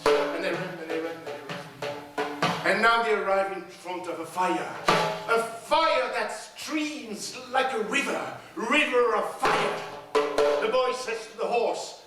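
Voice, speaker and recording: A man's voice: sits high, slow, over loud music. A man performing a folk tale live on a theater stage, chanting repeated phrases in a rhythmic way. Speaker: storyteller. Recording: echoey theater from far off.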